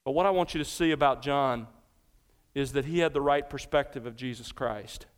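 A man's voice: mid-range voice, moderate pace, clean tone. A man preaching an expository sermon as pastor, earnest and emphatic, asking the congregation rhetorical questions. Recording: large hall with long reverb.

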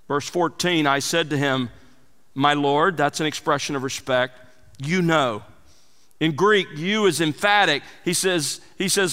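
A man delivers an expository sermon in a bright, ringing voice with a smooth, resonant tone. He swings between emphatic lifts and quiet, dropped asides. The sound carries a long hall reverb. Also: on the high side, unhurried. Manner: emphatic, rising and falling for emphasis. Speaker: pastor.

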